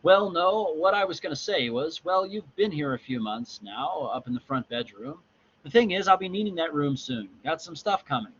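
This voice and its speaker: A man's voice: fairly high pitch, lively intonation, moderate pace, fairly bright tone, slight background noise, voice pushed up. A male lecturer voicing an awkward middle-aged man from a graphic novel, hesitant and fumbling over his words, on a dull recording.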